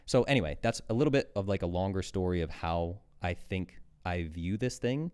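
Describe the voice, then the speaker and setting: A man's voice: sits low, moderate pace, a little mellow, clean tone. A man in his thirties, a podcast guest and coach, talking candidly and intensely, swearing freely. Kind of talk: candid conversational monologue.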